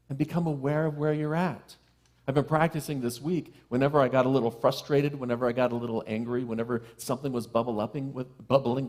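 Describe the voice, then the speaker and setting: Middle-aged male minister preaching warmly. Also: on the high side. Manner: playful, self-deprecating asides to the congregation; slows and drops to a soft hush on key phrases. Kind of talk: sermon. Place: church sanctuary with live congregation.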